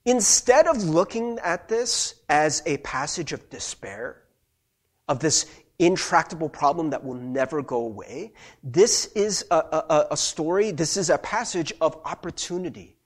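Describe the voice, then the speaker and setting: A man's voice: on the high side, big pitch swings, moderate pace, breathy edge. A male pastor giving a conversational sermon who keeps asking "right?" to check in with his listeners.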